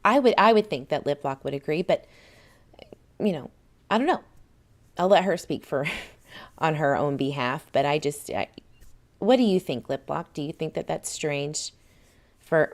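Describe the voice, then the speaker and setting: A woman's voice: sits low, darkish tone. A woman with a Southern US accent hosting a casual livestream, chatting and reading viewer comments aloud with frequent laughs. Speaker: livestream host.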